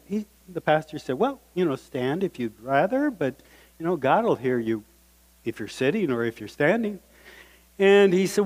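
A man preaching as a guest speaker, telling a story with animated voices for the people in it. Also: on the high side, unhurried. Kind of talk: sermon storytelling. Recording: reverberant hall.

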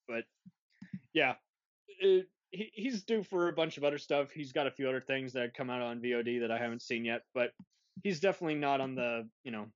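A man's voice: medium pitch, brisk, dry recording. Man, podcast host, rambling casual movie chat, dry dull lo-fi sound. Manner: rambling, self-interrupting, laughs often. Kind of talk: casual film review chat.

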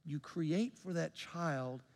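High-voiced storytelling pastor in a reverberant church. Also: male voice, slow, creaky. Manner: storytelling, acts out dialogue, swings from loud to soft. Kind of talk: sermon. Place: church sanctuary.

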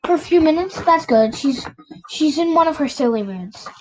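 A woman's voice: high-pitched, expressive, normal speed, slight background noise, voice pushed up, rough recording. A woman voicing an anxious preteen girl in a storybook reading, speaking hesitantly and trailing off. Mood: worried.

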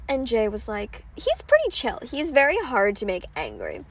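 A woman's voice: a little high, wildly swooping pitch, moderate pace, vocal fry. A young woman hosting a podcast, telling a story in casual chat, laid-back and swearing freely. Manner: laid-back, swears freely, quotes people in put-on voices. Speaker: podcast host.

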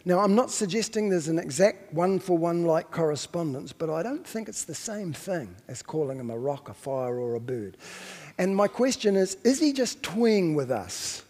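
A man's voice: fairly high pitch, lively intonation, moderate pace, a little mellow, long reverb tail. A man preaching a sermon as a pastor, reflective and questioning, sometimes stopping to correct himself.

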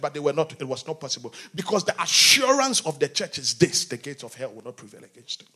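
Male preacher, lively sermon delivery with wide pitch swings, moving from shouted lines to quiet ones. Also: fast, few pauses, breathy edge. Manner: often asks the congregation questions.

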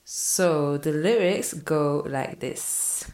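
A woman runs an online French lesson, reading song lines aloud and then translating each one. Her voice sits low for a woman, and her pace is easygoing, with frequent ums. The recording has an echoey room sound. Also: very slow, distant mic. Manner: relaxed explaining with fillers, reads lyrics then translates. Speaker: French language teacher.

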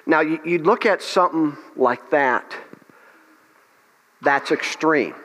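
A man's voice: a little high, takes it slowly, fairly bright tone. A man pastor leading a revival meeting, praying aloud and preaching with passion, often restarting his phrases. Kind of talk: revival meeting sermon and prayer. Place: church meeting hall. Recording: long hall reverb.

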